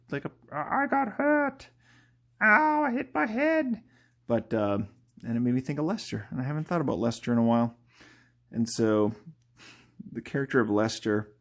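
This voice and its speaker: A man's voice: lowish voice, darkish tone. A man talking casually while he draws live, rambling and thinking aloud, laughing at his own jokes and often trailing off mid-thought. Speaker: artist drawing live. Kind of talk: casual live-drawing commentary.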